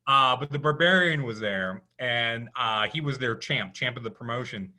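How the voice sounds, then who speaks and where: Speaking at normal speed, this man has a mid-range voice that sounds pushed and bright. As a podcast co-host, he spins rambling, casual stories full of restarts and plenty of "you know."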